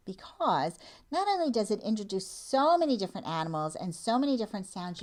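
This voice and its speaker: A woman children's librarian leading a storytime for young children, talking and singing in an animated sing-song way, with gasps and animal sounds. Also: fairly low pitch.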